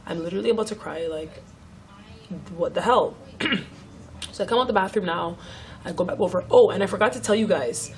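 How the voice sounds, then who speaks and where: A woman's voice: medium pitch, fairly quick, pauses often, slight background noise. A young woman vlogger telling a story in a casual chat, swearing freely and acting out what others said.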